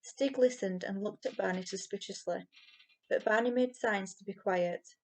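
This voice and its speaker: A woman's voice: medium pitch, moderate pace. Woman reading a children's story aloud. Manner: expressive storytelling. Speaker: reader.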